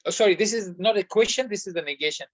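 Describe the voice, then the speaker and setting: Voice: medium pitch, fast, dry recording, rough recording. Arabic teacher walking a class thru a text, patient, keeps asking questions, dry close sound. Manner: patient, explains step by step and quizzes students; sprinkles in devout phrases. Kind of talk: online class lesson.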